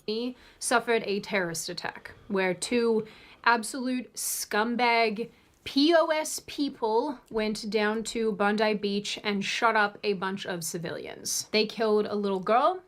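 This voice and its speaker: A woman's voice: mid-range voice, a little slow. A woman from Sydney hosting her own channel, delivering an earnest, heated political monologue. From Australia, Sydney. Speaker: video essay host.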